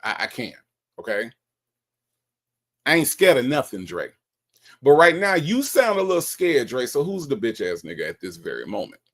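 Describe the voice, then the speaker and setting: A man hosting a livestream, commenting on call recordings in a confrontational, drawn-out manner. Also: mid-range voice, huge pitch swings, fairly bright tone. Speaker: livestream host.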